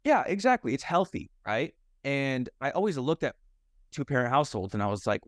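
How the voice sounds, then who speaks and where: A man's voice: mid-range voice, very animated, a little fast, dry recording, clean studio sound. A young American man, a mindset and fitness coach, candidly telling his life story in a podcast conversation, rambling with lots of "like" and "you know". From United States.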